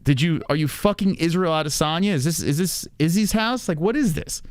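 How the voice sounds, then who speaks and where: A man's voice: a little high, lively intonation, fairly quick, clear, resonant tone, dry recording. A man hosting a livestream, reacting to a clip with crude, mocking commentary and frequent laughter. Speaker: livestream host.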